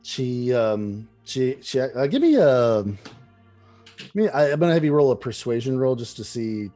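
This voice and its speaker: A man's voice: mid-range voice, sing-song, normal speed, warm tone, faint music behind. A man running a tabletop game as dungeon master over an online call, narrating casually with many hesitations and fillers. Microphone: online call microphone.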